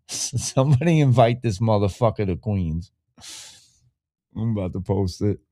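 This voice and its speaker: A man hosting a podcast, reacting to clips in a profane, laughing way, swinging from loud outbursts to mumbling. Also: fairly low pitch, a little slow, dry recording, clean studio sound. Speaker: podcast host. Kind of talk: reacting to clips, casual chat.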